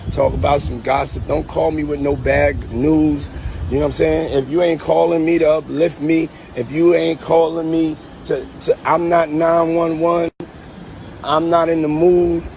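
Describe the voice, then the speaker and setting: A man's voice: on the high side, level tone, moderate pace, vocal fry, long pauses, darkish tone, slight background noise. A man ranting bluntly and dismissively. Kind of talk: blunt rant.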